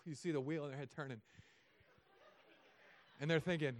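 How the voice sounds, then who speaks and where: A man preaching a sermon as a pastor, telling stories with self-mocking humor and often dropping to soft, quiet tones. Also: fairly high pitch, fairly even intonation, moderate pace.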